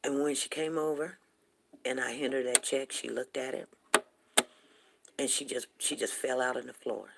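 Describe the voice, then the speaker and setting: Gravelly-voiced chatty woman in her fifties. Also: a bass voice, steady tone, moderate pace, pauses often, very noisy. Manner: rambling, chatty storytelling. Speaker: morning talk show host. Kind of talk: casual chat on a livestream.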